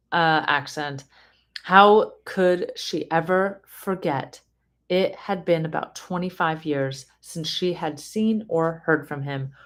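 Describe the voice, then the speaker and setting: A woman reading a family memoir aloud in a casual way, stopping often to comment and explain. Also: fairly low pitch. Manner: reads slowly, breaks off to comment and explain.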